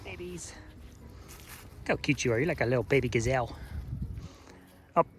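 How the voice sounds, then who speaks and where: A man's voice: mid-range voice, normal speed, fairly bright tone, slight background noise. A farmer vlogging in a goat barn, chatting playfully and cooing baby talk at his goats. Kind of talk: casual vlog chat with farm animals.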